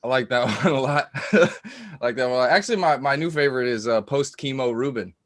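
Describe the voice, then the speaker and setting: A man's voice: medium pitch, brisk, slight background noise. A man doing a crude, swearing stand-up set, laughing at his own jokes, on a cheap lip mic. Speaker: stand-up comedian.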